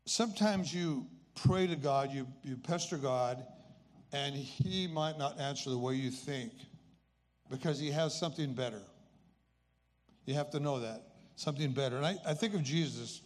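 A man's voice: medium pitch, normal speed. A man in his eighties telling a personal story as a faith testimony in an earnest, conversational way. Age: 80s. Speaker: speaker sharing a personal testimony.

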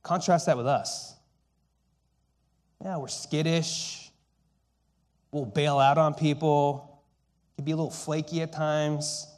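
A man preaching a sermon, telling stories and dropping between loud emphasis and hushed, quiet lines. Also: a little high, steady tone, takes it slowly, pauses often. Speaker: pastor.

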